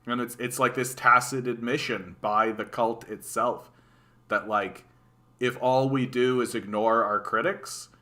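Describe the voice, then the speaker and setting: A man's voice: medium pitch, unhurried. A man with a Canadian accent giving casual, sarcastic political commentary on a live stream, reacting to chat and often restarting his sentences. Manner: animated, sarcastic, repeats words and restarts.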